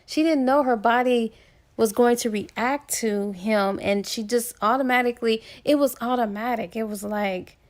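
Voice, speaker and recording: A woman's voice: fairly high pitch, normal speed. A woman casually retelling a romance novel's plot as a book reviewer, chatty and full of asides.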